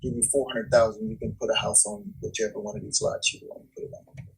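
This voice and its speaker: A man quoting his famous bandleader boss in a low, quiet, matter-of-fact voice, husky and soft. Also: steady tone, fast talker, exaggerated voice, rough recording.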